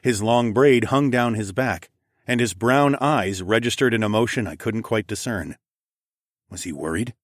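A man narrating a fantasy novel in the first person, in a measured, steady storytelling manner. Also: on the low side, no echo, studio quality. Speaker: audiobook narrator.

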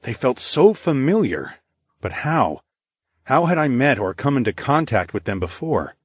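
A man reading a fantasy audiobook in first person, in a steady, measured narration. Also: mid-range voice, slightly rough, dry recording, clean studio sound. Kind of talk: scripted narration.

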